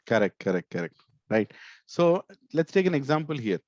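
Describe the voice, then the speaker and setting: A man's voice: medium pitch, sing-song, moderate pace, no echo, dull audio. A male corporate trainer teaching an online session, often checking in with "right?" and stressing words to make his points. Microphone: video call.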